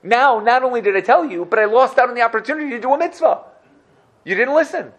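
A man voicing a wise old rabbi who speaks in a calm, knowing, gently reproachful way. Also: very high-pitched, fast talker, highs cut off, slight background noise, voice pushed up.

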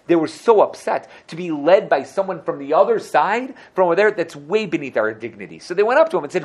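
A man teaching a Bible class, translating verse by verse and acting out the characters' lines with lively, self-correcting asides. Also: on the high side, fast, few pauses. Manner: translates verse by verse, acts out quotes animatedly. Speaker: Torah teacher.

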